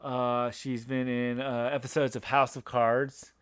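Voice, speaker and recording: A man in his thirties hosts a relaxed podcast chat and rambles along as he talks. His voice is smooth and resonant. The sound is dry and close. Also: medium pitch, a little slow, no echo. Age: 30s. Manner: rambling, with many restarts and fillers. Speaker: podcast host. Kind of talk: casual chat.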